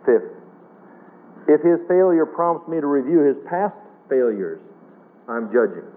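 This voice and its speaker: A man's voice: fairly high pitch, sing-song, measured pace. A male preacher delivering a sermon in an emphatic storytelling way, asking the congregation questions. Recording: tinny radio broadcast.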